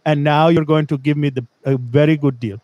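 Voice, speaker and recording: A man's voice: fairly high pitch, steady tone, fairly quick, darkish tone, no echo, lo-fi sound, pitched below the performer's own voice, close to an everyday voice. A man putting on an Indian accent to play a pushy, coaxing man who talks in short, broken sentences. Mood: wheedling. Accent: Indian, put on. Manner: coaxing, repetitive, clipped broken grammar.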